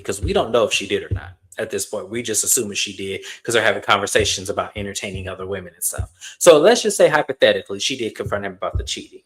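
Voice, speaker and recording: A man recapping a reality TV episode in casual commentary, animated, acting out quotes and swearing freely. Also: lowish voice. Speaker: reality TV reviewer.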